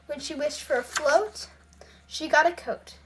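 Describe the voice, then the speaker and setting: A woman reads a children's storybook aloud, unhurried and careful. Her voice sits very high, and she paces every line slowly. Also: a bit bright, a little hiss or hum. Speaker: storybook reader. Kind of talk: reading a children's picture book aloud.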